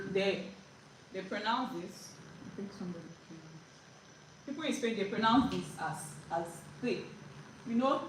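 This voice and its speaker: A woman giving a casual spoken language lesson, chatty, with frequent "like" and "right?" and many restarts. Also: medium pitch. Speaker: language teacher. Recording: roomy echo, distant mic, faint background noise.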